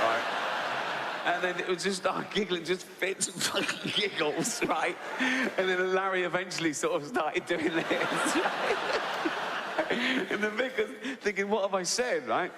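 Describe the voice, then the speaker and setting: A man's voice: high voice, lively intonation, unhurried, very noisy. An English man in his sixties doing stand-up storytelling, tagging lines with "right?" and laughing through his own jokes. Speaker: stand-up comedian. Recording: long hall reverb.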